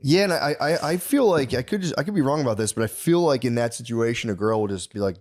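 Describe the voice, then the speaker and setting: A man co-hosting a podcast, telling loose, laughing stories in casual chat with quick put-on quotes. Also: mid-range voice, expressive, darkish tone. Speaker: podcast co-host.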